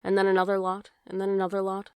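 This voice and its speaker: A woman voicing a gentle male autumn leaf who speaks tenderly and reassuringly. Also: medium pitch, completely flat delivery, fast, smooth, no room sound, close to an everyday voice.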